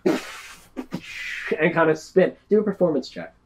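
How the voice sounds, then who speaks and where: A man's voice: on the high side, slow pace, a little hiss or hum. A young man running a tabletop game as game master, loose and playful, often laughing as he narrates.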